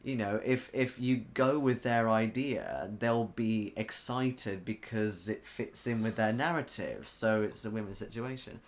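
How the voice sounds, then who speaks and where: A man's voice: fairly low pitch, a little slow, hardly any pauses. A man, co-hosting a casual chat about tabletop games as a game master, rambling and often restarting his sentences. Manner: rambling, self-correcting, reads chat aloud. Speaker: podcast co-host and game master.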